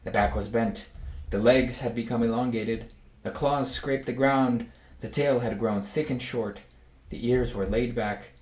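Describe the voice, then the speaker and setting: A man's voice: medium pitch, measured pace. Man reading a storybook aloud, echoey room. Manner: reads with lively voices for the animals.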